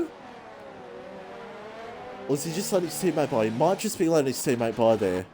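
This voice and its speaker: A man giving rambling, excitable live commentary on an online racing league, saying he is out of breath. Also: fairly high pitch, moderate pace, pauses often, slight background noise. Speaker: race commentator.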